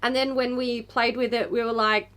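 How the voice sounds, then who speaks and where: A woman's voice: a little high, flat delivery, a bit bright. A woman co-hosting a beauty news show in a chatty, candid way. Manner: chatty, candid and quick to laugh. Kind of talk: casual chat.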